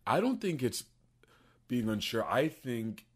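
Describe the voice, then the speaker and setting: A man co-hosting a podcast in casual chat, excitable and profane, often stumbling over his words. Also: mid-range voice, takes it slowly. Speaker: podcast co-host.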